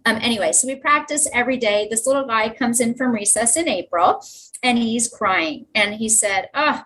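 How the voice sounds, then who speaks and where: A woman's voice: a little high, moderate pace, rough recording. A woman teacher, telling classroom stories with enthusiasm in a podcast interview. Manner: enthusiastic storytelling, lively asides. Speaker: teacher and guest.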